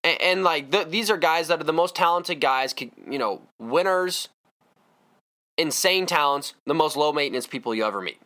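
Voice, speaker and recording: A man's voice: on the high side, lively intonation, moderate pace, bright, forceful tone. A man hosting a solo sports podcast, ranting in a fired-up, emphatic way. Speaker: podcast host.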